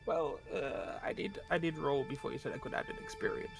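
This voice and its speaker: A man's voice: fairly high pitch, fairly quick, creaky, music in the background. A man playing in a tabletop game, explaining his plans hesitantly with fillers. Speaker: player. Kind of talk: casual tabletop play.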